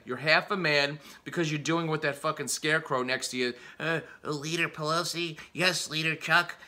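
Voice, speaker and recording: A man's voice: fairly high pitch, sharp tone. A male comedian delivering an angry, profane, mocking comedy rant.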